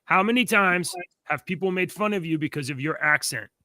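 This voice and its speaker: A man co-hosts a casual comedy podcast and often stammers and restarts his sentences. His voice is high and bright. The recording is dry. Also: a little fast, no room sound. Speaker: podcast co-host.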